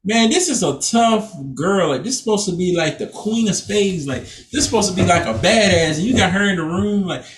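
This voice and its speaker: A podcast co-host keeps the chat casual, talking loosely and cursing while acting out quotes. His voice sits high and is expressive, a little fast with hardly any pauses, captured off-mic from a distance in an echoey room.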